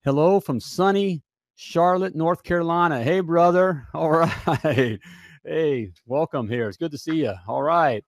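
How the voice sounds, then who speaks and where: A man's voice: fairly high pitch, a little slow, no echo. An American man hosting a live podcast, chatting in an upbeat, folksy way and repeating himself often. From United States. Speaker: podcast host. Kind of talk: upbeat live show chat.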